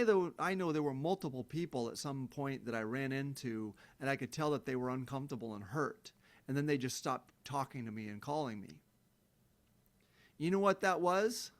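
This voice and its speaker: In a fairly high, fairly bright voice, a middle-aged man gives a profane, no-nonsense self-help monologue without a script. He slips into heated, emphatic rants and mocks other people with sing-song impressions.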